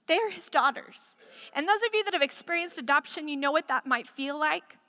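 A woman's voice: sits high, lively intonation, moderate pace, bright, forceful tone. A woman preaching a sermon in an impassioned way, building to emphatic declarations, in a church sanctuary. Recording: echoey hall reverb.

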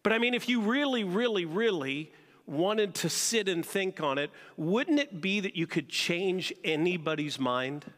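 A man's voice: high-pitched, lively intonation, measured pace, fairly bright tone. A man preaching a sermon as pastor, putting rhetorical questions to his congregation. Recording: long reverb of a large hall.

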